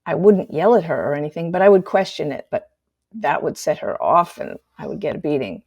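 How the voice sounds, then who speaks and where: An older woman speaks in a gravelly, mellow voice, a little low for a woman. She tells her own story candidly and at a measured pace, often sinking to a quiet hush on the painful parts. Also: big pitch swings. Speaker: host sharing her story. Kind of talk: personal storytelling, reflective monologue.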